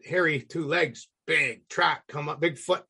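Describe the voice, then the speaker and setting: A gravelly, raspy man in middle age tells a story in a loose, salty way. He keeps acting out the people in it. His voice sits a bit high for a man. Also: unhurried. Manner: animated, salty, acts out voices. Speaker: guest. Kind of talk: casual storytelling.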